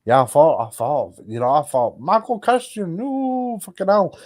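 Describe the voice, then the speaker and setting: A man with a fairly high voice runs a live stream chat panel. He talks bluntly and mockingly, swearing freely. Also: sing-song, normal speed, darkish tone.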